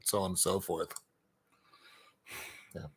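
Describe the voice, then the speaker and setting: A man's voice: deep voice, flat delivery, slow pace, breathy edge. Candid, rambling man talking casually. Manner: rambling, candid, joking at himself with frequent laughs. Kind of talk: casual spoken monologue.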